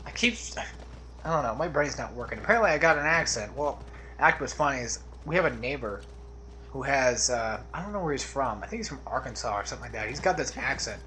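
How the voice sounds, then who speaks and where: This let's play commentator is a man with a mid-range voice that sounds pushed and bright, animated and fast. He keeps up a laid-back, rambling running commentary on a game, going off on tangents and trailing into mumbles. Slight background noise is audible.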